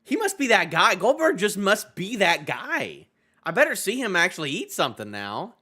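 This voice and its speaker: A man's voice: high voice, huge pitch swings, normal speed, sharp tone. A man streaming a live manga reaction, reading panels aloud, joking about them and laughing often. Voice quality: voice clear, no longer hoarse.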